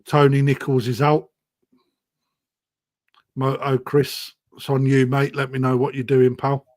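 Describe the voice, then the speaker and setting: A man's voice: medium pitch, completely flat delivery, unhurried, darkish tone, no echo. A man hosting a live online auction, chatting with bidders in a casual, matey way. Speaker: koi auctioneer.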